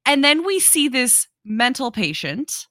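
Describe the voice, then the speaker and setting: A woman's voice: high-pitched, very animated, unhurried, bright, forceful tone, dry recording, studio quality. A young adult woman co-hosting a podcast, explaining a movie's background at length and recounting scenes play by play. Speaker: podcast co-host. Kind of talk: casual movie discussion.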